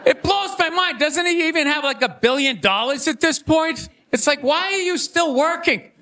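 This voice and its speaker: A man doing a loud, ranting stand-up set on a theater stage, shouting his punchlines. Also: very high-pitched, expressive, normal speed. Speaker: stand-up comedian. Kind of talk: stand-up monologue. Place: theater stage before a laughing audience. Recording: live show with audience laughter and noise.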